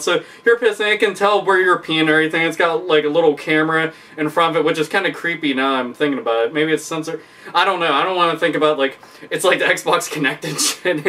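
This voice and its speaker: A man's voice: fairly high pitch, a bit bright, far from the mic. A man ranting in a profane, rambling comedic commentary, laughing often. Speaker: vlogger.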